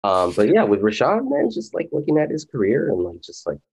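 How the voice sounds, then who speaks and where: A man's voice: mid-range voice, huge pitch swings, a little fast, darkish tone, breathy edge, muffled recording. A man co-hosting a casual podcast, talking earnestly and rambling with lots of fillers. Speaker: podcast co-host. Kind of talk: casual chat.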